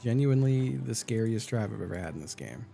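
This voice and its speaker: A man's voice: fairly low pitch, animated, a little fast, gravelly, mellow, soft background music. A man live-streaming a game, chatting casually, narrating his own moves and greeting his viewers. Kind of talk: casual gameplay chat.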